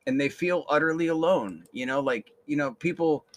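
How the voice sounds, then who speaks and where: A man's voice: on the high side, moderate pace. Rambling young man swearing casually. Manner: casual, swearing, repeats words, reflective. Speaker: podcast host. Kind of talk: rambling storytelling monologue.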